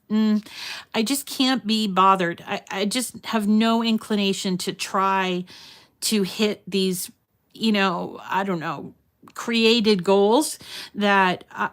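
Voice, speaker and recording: A woman hosting a casual crafting livestream, chatting warmly with viewers and reading their comments aloud. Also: mid-range voice. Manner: talks sweetly to her dogs in a raised voice.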